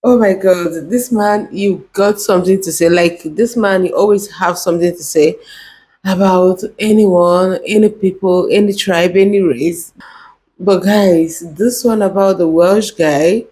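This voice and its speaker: A woman's voice: fairly low pitch, measured pace, mellow. A woman hosting a reaction video, exclaiming in amazement as she comments.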